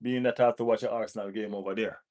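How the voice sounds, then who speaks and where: A man's voice: fairly low pitch, steady tone, racing. West Indian man teasing his live chat. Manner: banters, gives shout-outs to chat; teasing rival fans, laughing often. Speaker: football channel host. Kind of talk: live watch-along chat with viewers.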